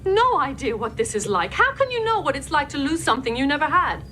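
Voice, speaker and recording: An actress playing a distraught starship counselor in a TV drama, speaking bitterly and accusingly. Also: female voice, high voice, big pitch swings, fast, pushed and bright, soft background music, exaggerated voice. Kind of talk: 1990s TV drama acting.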